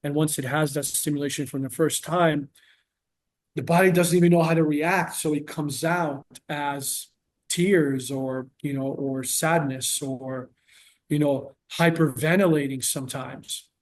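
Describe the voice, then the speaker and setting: A male therapist speaks in a relaxed interview, earnest and patient as he walks through examples. His voice sits a little high for a man. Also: a little slow. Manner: earnest, explains with patient examples and quoted dialogue. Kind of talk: casual podcast interview.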